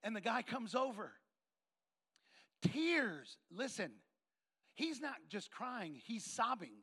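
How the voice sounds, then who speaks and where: Gravelly high-voiced preacher telling a story. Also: male voice, slow. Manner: animated storyteller acting out dialogue. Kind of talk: sermon storytelling.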